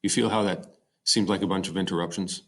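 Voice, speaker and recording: Low-voiced man teaching a poetry lesson. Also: fairly even intonation, fairly quick, a bit bright. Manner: explanatory, with fillers and self-corrections. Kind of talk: recorded slide-show lecture.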